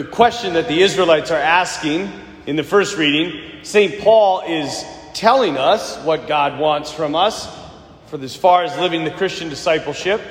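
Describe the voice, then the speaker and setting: Animated male preacher in an echoey church. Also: high-pitched. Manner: animated, rising to emphatic near-shouts. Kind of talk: sermon. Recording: echoey church with long reverb.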